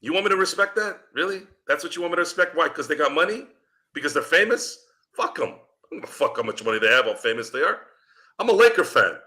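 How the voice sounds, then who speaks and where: A man's voice: on the high side, big pitch swings, fast talker, sharp tone. A man hosting a sports fan show, delivering a profane postgame rant full of rhetorical questions. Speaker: podcast host.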